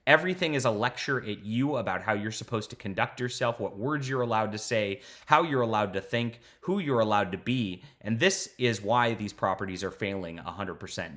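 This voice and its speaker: A man's voice: fairly low pitch, a bit bright. A man giving a casual, heated commentary, sarcastic and full of fillers and restarts. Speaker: commentary vlogger.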